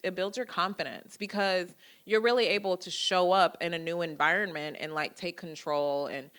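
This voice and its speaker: A woman's voice: fairly low pitch, normal speed, smooth. A woman in her thirties giving a public lecture, telling personal stories with acted-out dialogue. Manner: lively storytelling, acting out quoted dialogue. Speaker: guest lecturer. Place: lecture hall.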